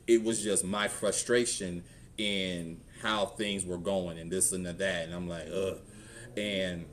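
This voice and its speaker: A man's voice: low voice, a little hiss or hum. A male pastor with a Southern American accent, talking candidly and rambling through personal stories in a conversational sermon.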